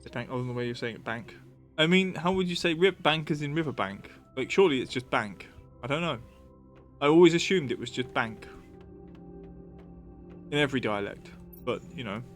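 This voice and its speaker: A man's voice: mid-range voice, animated, brisk, faint music behind. Rambling man streaming a game. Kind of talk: casual live-stream chat.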